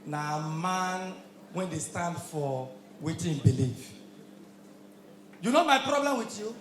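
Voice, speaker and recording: Loud Nigerian Pidgin stand-up comic. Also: male voice, high voice, expressive, takes it slowly, echoey room, a little hiss or hum. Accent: Nigerian Pidgin English. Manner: loud, punchy, shouted punchlines. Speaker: stand-up comedian. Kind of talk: live stand-up comedy.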